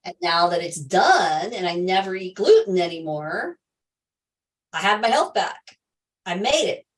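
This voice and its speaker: A woman's voice: fairly low pitch, expressive, a little slow, distant mic, low-quality recording. A middle-aged woman hosting a health livestream, telling a personal story to viewers in an emphatic way, repeating key phrases and laughing often.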